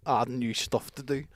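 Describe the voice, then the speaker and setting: A man co-hosting a podcast, bantering bluntly and swearing in casual chat. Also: mid-range voice. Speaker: podcast co-host.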